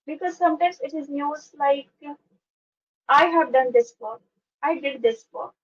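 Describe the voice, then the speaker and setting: A woman's voice: high-pitched, measured pace, muffled recording. A woman learning English who asks questions hesitantly, with fillers and small grammar slips, and reads a text aloud. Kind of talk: student asking questions and reading aloud.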